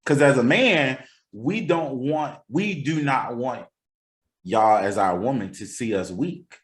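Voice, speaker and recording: A man's voice: mid-range voice, lively intonation, slow pace. A man hosting a casual podcast chat, talking earnestly and repeating phrases for emphasis. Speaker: podcast host and counselor.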